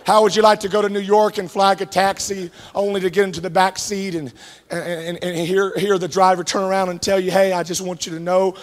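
A male pastor preaching a sermon with fervent, shouted peaks and many "uh" fillers. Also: sits high, level tone, a little fast. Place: church sanctuary. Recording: echoey hall reverb.

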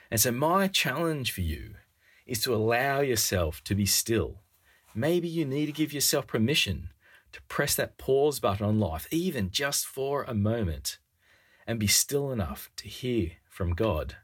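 A man's voice: medium pitch, slightly rough. A man preaching a sermon in an earnest, wry way, acting out quoted lines with a rising voice.

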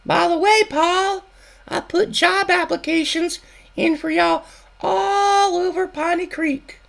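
A man voicing a middle-aged country wife in a shrill falsetto drawl. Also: fairly even intonation, slow, creaky, fairly bright tone, heavily acted. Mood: sly.

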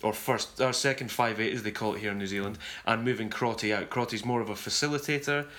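A man with a fairly low voice hosts a casual rugby discussion. He talks in a measured, thoughtful way and often pauses to rephrase himself. He sounds like a podcast presenter. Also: steady tone, a bit bright. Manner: measured, thoughtful, self-correcting. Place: touring abroad covering a series.

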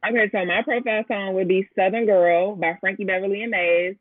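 A woman's voice: mid-range voice, steady tone, brisk, no echo. Playful woman with an Atlanta accent; lo-fi, boxy, dry audio. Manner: playful, laughs easily. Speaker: podcast guest. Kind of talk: casual chat.

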